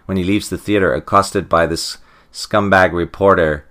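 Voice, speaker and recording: A man's voice: low-pitched, steady tone, normal speed, a bit bright. A man co-hosting a podcast, casually retelling a comic book plot with lots of "uh" and "you know.". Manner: rambling, full of fillers and restarts. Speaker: podcast co-host. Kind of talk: casual comic recap chat.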